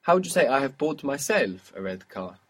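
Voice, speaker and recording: A man's voice: mid-range voice, very animated, a little fast, husky. A man teaching a language lesson, patiently prompting a student and praising each answer. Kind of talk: guided audio language lesson.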